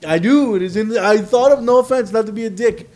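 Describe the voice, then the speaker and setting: High-voiced animated man telling stories. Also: fast talker. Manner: animated storyteller, acts out quotes. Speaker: podcast co-host. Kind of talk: casual chat.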